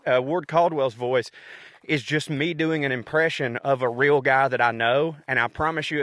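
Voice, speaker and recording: A man's voice: medium pitch, pushed and bright, dry recording, studio quality. A man with a Southern US accent, a comedian and podcast host, ranting alone in a casual, rambling, profane and self-mocking way. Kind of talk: casual solo rant.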